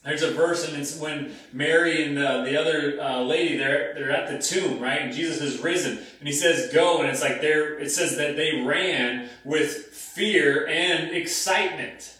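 Man, thirties, pastor, conversational sermon, repeats phrases, somewhat high voice, heavy room echo. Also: unhurried, few pauses, pushed and bright. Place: church hall. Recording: very echoey room, mic at a distance.

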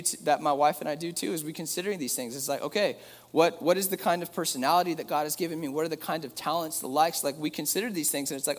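A pastor with a slightly higher male voice delivers a relaxed, chatty sermon full of joking asides. A long reverb tail follows his words, as though he's speaking in a large hall.

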